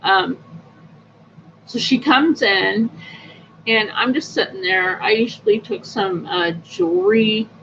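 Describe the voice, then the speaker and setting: Slow gravelly-voiced woman telling stories. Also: mid-range voice, a bit bright. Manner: chatty, upbeat, rambling with fillers. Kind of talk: casual personal storytelling. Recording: dull lo-fi audio with faint noise.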